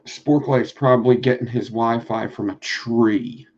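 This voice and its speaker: A man with a Philadelphia accent chats fast and loose on a live stream, swearing freely as he teaches coil building. His mid-pitched voice carries a gravelly fry. The audio is dull and lo-fi. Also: fairly even intonation, darkish tone. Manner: fast-talking, profane, rambling. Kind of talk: casual live-stream chat.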